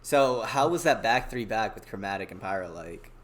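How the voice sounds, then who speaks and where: A young man hosting a casual podcast chat, excitable and freely swearing, often trailing off mid-sentence. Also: lowish voice, moderate pace. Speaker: podcast host.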